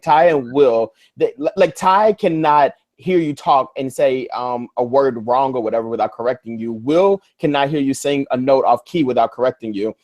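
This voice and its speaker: A young man co-hosting a casual chat show, relaxed, filling his talk with "like" and laughing a lot. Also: medium pitch. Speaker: podcast co-host.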